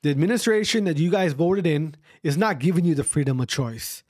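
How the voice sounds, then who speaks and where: A man's voice: a little high, a little fast, few pauses, darkish tone, dry recording, clean studio sound. A man hosting his own podcast, speaking in an emphatic, repetitive and profane rant. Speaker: podcast host.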